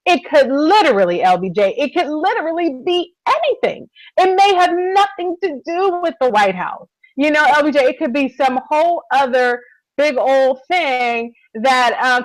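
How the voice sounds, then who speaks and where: A woman with a high voice chats eagerly as co-host of a TV recap show, turning often to her partner to share her thoughts. The sound is dry and close, with no room around her. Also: no room sound, rough recording. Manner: enthusiastic, keeps addressing her co-host. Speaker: podcast co-host. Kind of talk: casual TV recap chat.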